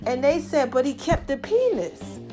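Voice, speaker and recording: A woman's voice: high voice, very animated, normal speed, warm tone, soft background music. A woman hosting her own podcast in casual solo chat, laughing often and calling her listeners baby and y'all. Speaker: podcast host.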